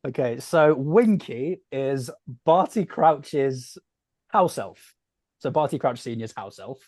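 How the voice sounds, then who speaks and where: A man patiently walks through a story recap in a casual podcast chat. His voice sits in a middle pitch and sounds dry and close, with no room around it. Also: expressive, takes it slowly, a little mellow, no room sound. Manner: explanatory, patient. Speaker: podcast co-host.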